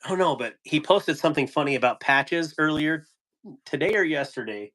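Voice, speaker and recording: A man's voice: fairly high pitch, animated, moderate pace, a bit bright. A man hosting a casual live stream about knives, rambling, chuckling often and answering viewers' chat. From United States. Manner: laughing, rambling, reading chat. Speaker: knife channel host on a live stream.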